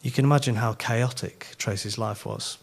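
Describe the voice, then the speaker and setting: A middle-aged man with a Yorkshire accent, giving a sermon as a conference speaker and telling self-mocking stories in an animated way. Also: medium pitch, moderate pace, vocal fry. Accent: Yorkshire English.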